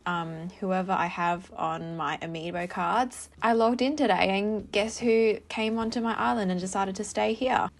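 A woman talks casually over her gameplay with a creaky edge in her voice. She is chatty and excitable, and her voice jumps up at surprises. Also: mid-range voice, moderate pace. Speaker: vlogger.

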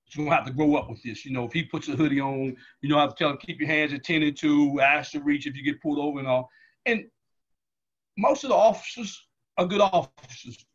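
A middle-aged man, a guest in an interview, telling personal stories loudly and acting out the dialogue. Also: fairly high pitch, breathy edge. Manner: loud, animated, acts out dialogue in anecdotes. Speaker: guest, athletics staff member. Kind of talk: storytelling in an interview. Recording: muffled lo-fi audio.

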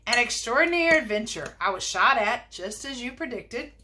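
A proud, dignified old male swan from a storybook, as a woman reader puts him on, telling his tale calmly and a little grandly. The tone is bright. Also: fairly high pitch, moderate pace.

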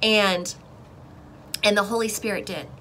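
Young woman, bright voice, casual testimony vlog, expressive storytelling, frequent restarts, faint background hiss. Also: medium pitch, a little slow, low-quality recording. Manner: expressive, emotional retelling with restarts. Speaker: vlogger sharing a faith testimony.

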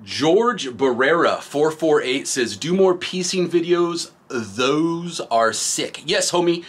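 A man's voice: a little high, expressive, takes it slowly. A middle-aged man hosting a graffiti supply channel, reading viewer comments in a laid-back, rambling way and laughing often. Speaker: graffiti product reviewer and shop host.

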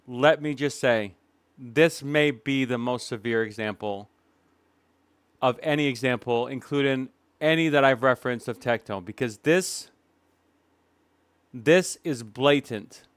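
Male reaction commentator, indignant and emphatic, smooth voice. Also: mid-range voice, no echo. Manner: emphatic, indignant, with dramatic pauses. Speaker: commentary YouTuber.

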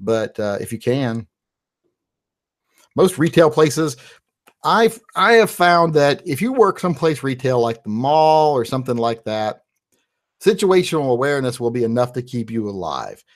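A man hosting a casual live stream, answering viewer questions in a relaxed, conversational way. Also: medium pitch, normal speed. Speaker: channel host answering live chat.

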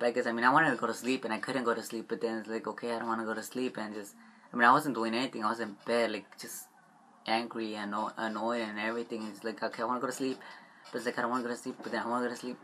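A young man rambling in a confessional vlog, upset and stressed, halting and trailing off with frequent swearing. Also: mid-range voice, sharp tone, a little hiss or hum.

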